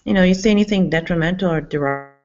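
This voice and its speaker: Inside a public campus building, a woman with a lowish, darkish voice talks fast to her camera. Her agitated, rambling monologue is packed with swearing and restarted sentences, captured in dull lo-fi audio.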